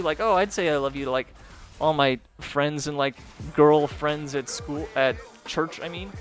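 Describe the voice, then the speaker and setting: A man's voice: fairly high pitch, normal speed, fairly bright tone, faint music behind. A young man telling a personal story in a casual, rambling way, full of filler words and swearing. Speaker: gaming streamer and video host.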